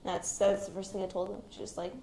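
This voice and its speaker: Recounting her personal experience in an interview, a young shooting survivor serving in the military speaks quietly and hesitantly, pausing often to reflect. Her middle-pitched voice is gravelly and flat. Echoey room sound and a faint hiss run underneath.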